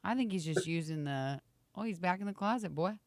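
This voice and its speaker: A woman in her thirties with a slight rasp, co-hosting a morning show and chatting casually with viewers. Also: fairly low pitch, animated, brisk, no echo. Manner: chatty, reads viewer comments aloud, laughs often. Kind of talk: casual live-stream chat.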